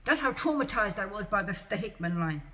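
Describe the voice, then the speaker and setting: A woman's voice: medium pitch, expressive, brisk, pushed and bright. A distressed woman venting in a vlog, agitated and repeating rhetorical questions over and over. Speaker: patient vlogger. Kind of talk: emotional vlog rant.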